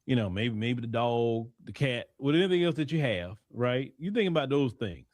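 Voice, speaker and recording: A man from Haiti in a played clip, calmly rebutting a claim point by point. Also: medium pitch, no echo. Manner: measured, explains point by point. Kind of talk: direct rebuttal.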